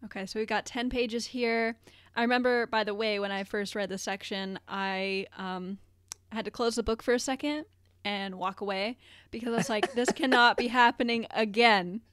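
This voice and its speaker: Female podcast co-host, mid pitch, relaxed and chatty, dry close-mic sound. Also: normal speed, smooth, no room sound. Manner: thoughtful, conversational, lots of fillers. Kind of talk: casual podcast discussion.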